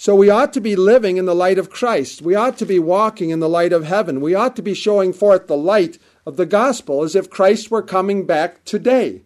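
A man's voice: sits high, normal speed, hardly any pauses, darkish tone. A man preaching a sermon with an emphatic, repetitive cadence, quoting scripture at length.

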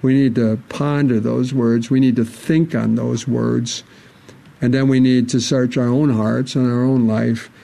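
A man's voice: mid-range voice, flat delivery, a little slow, gravelly, mellow. A man preaching a sermon, reading scripture aloud and pressing earnest, repeated rhetorical questions. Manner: reads scripture aloud in King James wording.

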